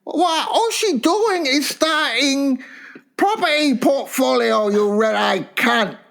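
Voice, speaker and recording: A man voicing his crude, blunt male friend giving advice in a high, strained, mocking voice. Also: lively intonation, slow, creaky, a bit bright, exaggerated voice.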